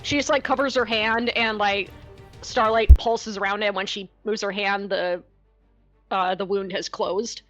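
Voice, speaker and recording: A woman's voice: medium pitch, fairly even intonation, measured pace, a bit bright, soft background music. A woman player in a tabletop game, describing her turn in a rambling, unsure way with laughs. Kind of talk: casual tabletop play.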